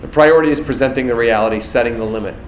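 A man's voice: medium pitch, rapid-fire, roomy sound, a little hiss or hum, rough recording. A man teaching a nursing exam prep class, quizzing students and acting out exam scenarios. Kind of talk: classroom lecture.

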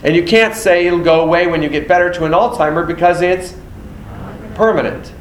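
A man's voice: on the high side, fairly quick, roomy sound, slight background noise, poor audio. A man teaching a nursing exam prep class, quizzing students and acting out exam scenarios. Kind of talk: classroom lecture.

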